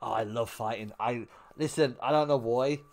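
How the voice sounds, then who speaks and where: A young man chats through rowdy anecdotes while gaming on stream, swearing freely and laughing out loud. His medium-pitched voice moves at normal speed, with a little hiss or hum on the audio.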